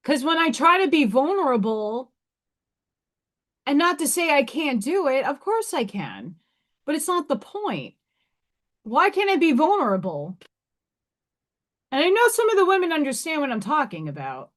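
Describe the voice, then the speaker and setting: A woman's voice: high-pitched, very animated, moderate pace, long pauses. A woman from New York hosting a casual livestream, talking frankly and emphatically to her viewers. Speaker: livestream host.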